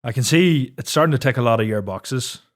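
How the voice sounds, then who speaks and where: A man's voice: medium pitch, lively intonation, a little fast. A man co-hosting a podcast, teasing his partner and asking dry questions in casual banter. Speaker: podcast co-host.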